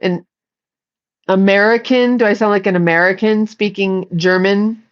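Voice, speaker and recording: A woman's voice: medium pitch, fairly even intonation, normal speed, muffled recording. A middle-aged woman chatting casually on a livestream, joking playfully and talking back to her viewers. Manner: playful, jokey, talks to chat. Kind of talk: casual rambling livestream chat.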